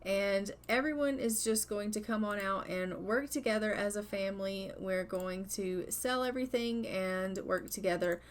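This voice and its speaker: A woman's voice: mid-range voice, moderate pace, hardly any pauses, a little hiss or hum. A woman casually narrating her life-sim gameplay, chatty and full of fillers. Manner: chatty, many fillers like "like" and "you know". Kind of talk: casual let's-play narration.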